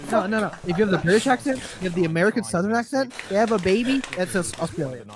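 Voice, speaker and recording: A man's voice: high voice, animated, racing, crowd noise. A man chatting casually with friends on a stream, insistent as he argues his point. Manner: insistent, argumentative. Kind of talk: casual chat.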